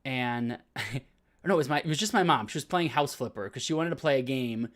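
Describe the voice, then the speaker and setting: A man co-hosting a gaming podcast, talking in casual, excited, rambling bursts. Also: mid-range voice, normal speed. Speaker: podcast co-host. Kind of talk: casual chat.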